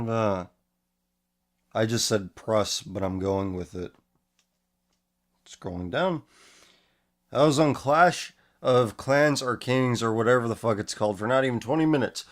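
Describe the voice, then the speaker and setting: A man hosting a casual commentary show, reading posts aloud and mocking them with sarcastic, profane remarks; he is losing his voice. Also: medium pitch. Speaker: host.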